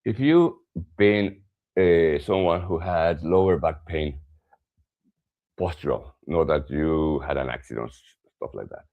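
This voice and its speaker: A man teaching a guided yoga stretching session, giving calm cues and softly stressing key words, with some hesitant fillers as he explains. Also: very deep voice, measured pace, phone-quality sound. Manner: calm instructive cues, drops to soft emphasis. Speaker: yoga and somatic practice teacher.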